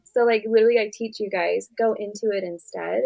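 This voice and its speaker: A woman's voice: mid-range voice, fairly quick, gravelly, darkish tone. A young woman therapist speaking casually in an interview, animatedly acting out conversations with her clients. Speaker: therapist guest.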